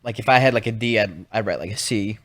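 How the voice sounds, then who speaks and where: A young man in casual podcast chat, halting and sweary, with lots of fillers. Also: fairly low pitch, fairly bright tone.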